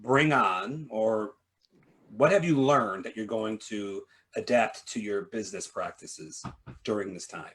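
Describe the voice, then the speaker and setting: A man's voice: lowish voice, a little slow. A man co-hosting a casual podcast happy hour, playful and jokey, asking questions and teasing his co-hosts. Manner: playful, jokey, animated delivery. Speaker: podcast co-host. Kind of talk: casual live-stream chat.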